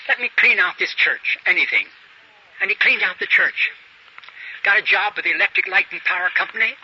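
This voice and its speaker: A man's voice: high voice, fairly quick, bright, forceful tone, husky. A man preaching a sermon, telling a story and acting out the characters' dialogue, on a dull lo-fi recording with faint hiss.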